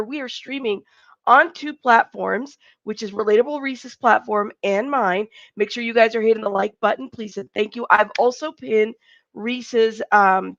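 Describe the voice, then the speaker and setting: A woman in her thirties hosting a livestream, chatting with her guest in a lively, enthusiastic way. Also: a little high, dry recording, muffled recording. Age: 30s. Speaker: livestream host. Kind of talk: casual livestream chat.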